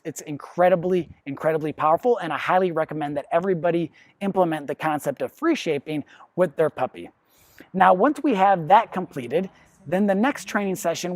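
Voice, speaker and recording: A professional dog trainer walks through the training steps in a plain, explanatory way. Their pitch sits in a middle range. The recording is dry and close, with no room sound. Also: darkish tone, no room sound. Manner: plain, explanatory, acts out quotes. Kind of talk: instructional explanation.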